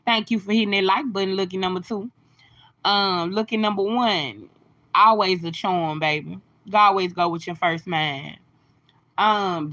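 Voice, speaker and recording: Woman doing a phone livestream, lowish voice, preachy uplifting chat, muffled lo-fi audio. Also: a bit bright. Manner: preachy, encouraging, greets viewers by name. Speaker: livestream host. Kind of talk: casual live-stream chat.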